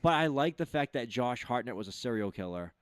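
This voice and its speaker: A man's voice: mid-range voice, fairly quick, clear, resonant tone. A man co-hosting a casual podcast, riffing on movies, swearing and acting out quotes. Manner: animated, swears, acts out quotes. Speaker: podcast co-host. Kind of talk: casual profane chat.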